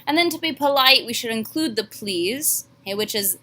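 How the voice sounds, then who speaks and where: A woman French teacher giving a classroom lesson, slowly modeling each phrase. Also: fairly high pitch, animated, sharp tone.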